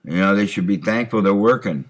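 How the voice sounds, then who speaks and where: Talking to himself at a slightly quick pace, this middle-aged trucker has a lowish voice. The rambling monologue, recorded through a computer mic, is full of fillers and frequent throat clearing.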